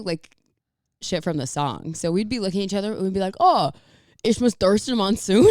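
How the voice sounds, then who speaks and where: Giggly young woman, lowish voice. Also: a little mellow, smooth, dry recording, studio quality. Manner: giggly rambling storyteller, heavy "like" filler. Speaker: podcast co-host. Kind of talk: casual chat.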